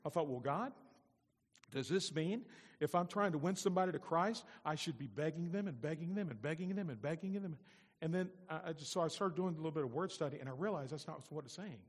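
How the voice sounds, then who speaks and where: A man preaching a sermon as pastor, moving between loud emphatic lines and soft, low-spoken asides. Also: animated, fast, breathy edge, in a large hall.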